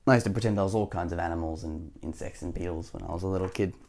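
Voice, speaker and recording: A man reading a children's picture book aloud, gently, with chuckling asides. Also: sits low, very fast, slight background noise.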